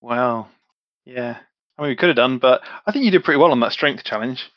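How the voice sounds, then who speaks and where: A man's voice: mid-range voice, brisk, no room sound, muffled recording. A man playing a tabletop game, talking hesitantly and trailing off in casual chat. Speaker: player.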